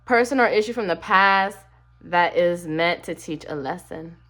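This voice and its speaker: A woman's voice: on the low side, unhurried, fairly bright tone. Sassy woman reading tarot cards. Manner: chatty, sassy, talks straight to the viewer. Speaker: tarot card reader. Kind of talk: casual tarot reading to camera.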